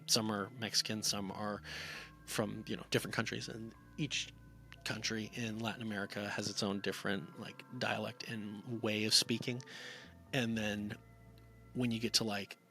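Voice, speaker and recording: A man's voice: fairly low pitch, pushed and bright. A man giving a casual, rambling spoken movie review, full of fillers and restarts. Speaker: film reviewer.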